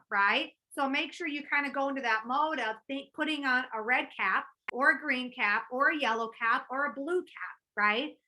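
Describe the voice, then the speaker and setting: A woman's voice: high voice, pushed and bright, low-quality recording. A woman giving a motivational talk as a network marketing trainer, bubbly and chatty, full of fillers and acted-out quotes.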